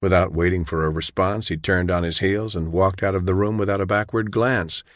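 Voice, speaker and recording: A man narrating an audiobook in a measured, even storytelling way. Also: sits low, no room sound, studio quality. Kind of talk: scripted narration.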